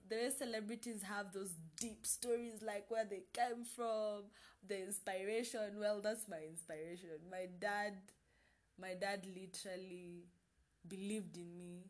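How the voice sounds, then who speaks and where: A young woman chatting casually to camera as a vlogger, talking in loose restarts and repeating herself as she goes. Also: mid-range voice.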